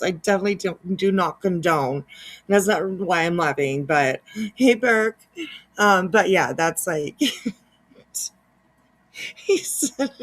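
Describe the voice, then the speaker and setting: A woman hosting a casual reaction commentary, sarcastic and laughing often, with some swearing. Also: mid-range voice. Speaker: commentary channel host.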